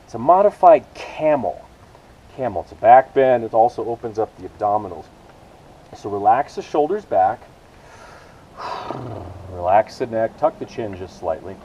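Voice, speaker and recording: A man leads a yoga session with a mellow, warm tone, giving calm, encouraging cues and easygoing asides. The sound is a little dull, with faint hiss behind him. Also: on the low side, normal speed, pauses often. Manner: relaxed, encouraging cueing with self-aware asides. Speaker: yoga instructor. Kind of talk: guided yoga class cues. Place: outdoors with rain and hummingbirds about.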